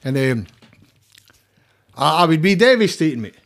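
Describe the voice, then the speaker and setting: A man's voice: a little high, sing-song, measured pace, gravelly. A middle-aged man with a Scottish accent, talking as a guest in a heated, emphatic, sweary way with many restarts. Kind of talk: casual interview chat.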